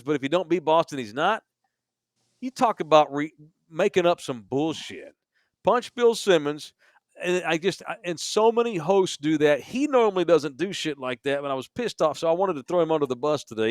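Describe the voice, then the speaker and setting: A man's voice: a little high, expressive, brisk, dry recording. A man co-hosting a sports podcast from a bar studio, ranting emphatically with plenty of profanity. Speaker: podcast co-host. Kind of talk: casual sports podcast rant.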